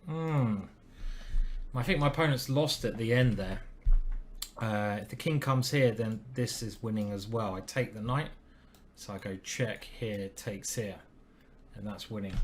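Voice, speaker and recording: A man's voice: medium pitch, animated, normal speed, a little hiss or hum. A man streaming live, commenting on his chess games and chatting to viewers with self-deprecating asides.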